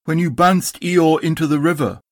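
Casting: man reading as a self-important rabbit, solemn and officious, slightly raised pitch, dry sound. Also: moderate pace, no room sound, natural voice. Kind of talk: storybook reading.

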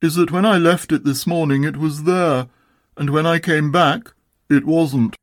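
A man voicing a gloomy, melancholy old donkey in a storybook reading, with a slow, mournful delivery. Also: on the high side, no echo, studio quality, voice pushed up, natural voice.

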